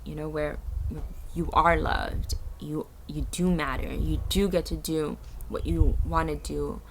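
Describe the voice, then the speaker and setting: Low, gravelly woman sharing reflections. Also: sing-song, a little hiss or hum. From the Bronx, New York. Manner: soft, halting, searching for words. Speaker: vlogger. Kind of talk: reflective personal storytelling. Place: eco-village in a jungle.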